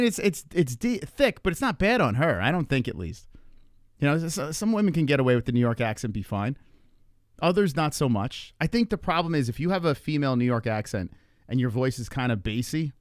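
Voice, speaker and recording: A man's voice: mid-range voice, no room sound, clean studio sound. A man with an East Coast accent hosting a casual live stream, rambling and restarting his thoughts. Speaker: streamer host.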